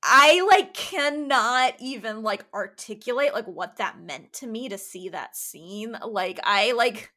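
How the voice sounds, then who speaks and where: A woman's voice: fairly high pitch, animated, takes it slowly, few pauses, bright, forceful tone. A woman talking in a casual chat, rambling and emphatic with many restarts.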